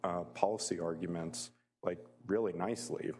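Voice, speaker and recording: A man's voice: deep voice, steady tone, normal speed, darkish tone. A man giving a public lecture as a guest speaker, conversational and full of fillers, often chuckling as he tells personal stories.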